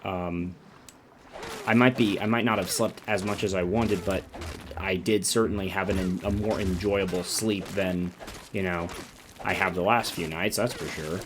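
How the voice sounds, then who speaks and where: A man's voice: low-pitched, fairly even intonation, unhurried, background noise. A sleep-deprived man giving rambling, casual commentary while playing a survival game. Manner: rambling, self-interrupting, chatty. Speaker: gaming YouTuber.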